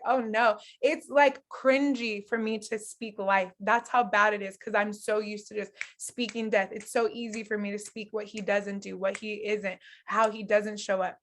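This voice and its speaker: A young adult woman teaching a relationship masterclass, candid and animated, laughing often as she coaches couples. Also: mid-range voice, moderate pace, few pauses.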